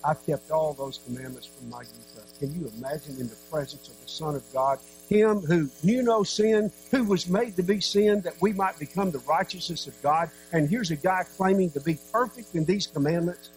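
A man preaching a sermon, earnest, with dramatic pauses and sudden drops to a soft voice. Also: high-pitched, noisy background.

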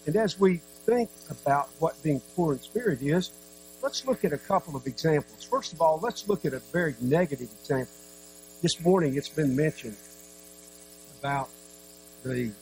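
Man, preacher, sermon, earnest, dramatic pauses, soft drops, faint hum. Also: on the high side, poor audio.

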